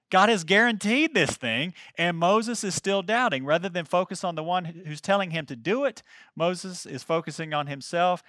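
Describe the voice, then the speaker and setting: Male pastor, sermon delivery, emphatic and earnest, bright voice, somewhat high for a man. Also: no room sound, clean studio sound. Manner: reads scripture aloud with interjected comments.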